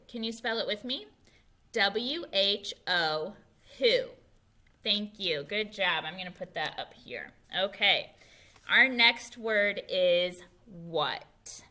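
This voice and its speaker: A woman teaching a phonics lesson to young children, taking her time and sounding out each letter with care. Her voice is bright and clear, pitched in an ordinary middle range. She checks in again and again with a patient "okay?".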